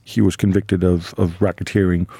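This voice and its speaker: A man with a fairly low, mellow voice, co-hosting a casual chat. He tells long stories in a wry, joking way. The sound is dry and close, with no room echo. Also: flat delivery, moderate pace, gravelly, breathy edge. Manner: wry, storytelling, laughs at his own jokes. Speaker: podcast co-host.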